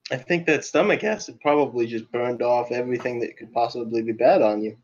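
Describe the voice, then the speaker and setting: Laughing tabletop player, lo-fi mic. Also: male voice, medium pitch, steady tone, fairly quick. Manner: laughs often, thinks aloud while checking rules. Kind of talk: casual tabletop game chat. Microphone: voice chat over internet.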